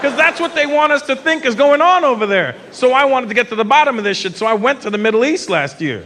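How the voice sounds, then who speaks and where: A man's voice: very high-pitched, lively intonation, fast talker. A man in middle age performing brash live stand-up comedy on a stage mic in a large venue. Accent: Canadian. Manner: brash, puts on loud shouted voices. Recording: live venue with crowd noise. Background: audience laughter.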